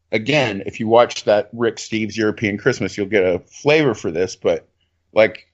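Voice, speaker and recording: A man in casual podcast chat, talking loosely and excitably, swearing, with lots of fillers. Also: lowish voice, dull audio.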